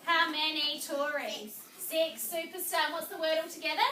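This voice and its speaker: A woman teaching a reading lesson in a classroom, speaking slowly and clearly and drawing out words as she claps their syllables. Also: high voice, steady tone, far from the mic. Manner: slow, clear, drawn-out words clapped in syllables. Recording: echoey classroom recorded from afar, with noise.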